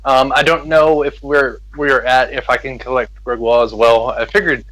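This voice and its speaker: A man's voice: medium pitch, steady tone, moderate pace, a bit bright, no room sound, poor audio. A man playing a tabletop game, chatty and thinking aloud. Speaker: player. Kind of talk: casual tabletop game talk.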